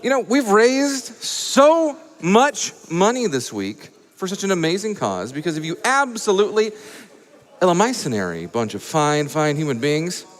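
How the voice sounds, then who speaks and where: A man from Atlanta hosting a live charity gaming event, reading donations with playful, high-energy hype and jokes. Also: big pitch swings, normal speed. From Atlanta, USA. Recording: echoey event hall.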